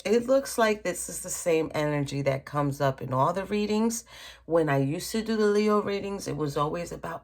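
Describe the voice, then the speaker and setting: Woman, low voice, tarot reader, casual chatty reading, talks straight to the viewer, seated at a table. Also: lively intonation, moderate pace, vocal fry. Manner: chatty, addresses viewer directly, frequent "okay?" and "honey".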